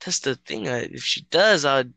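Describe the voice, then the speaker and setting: A man's voice: a little high, expressive, normal speed, vocal fry, sharp tone, dry recording. A young man chatting casually with a friend over a voice call, telling a story in a hesitant, rambling way with lots of fillers and swearing.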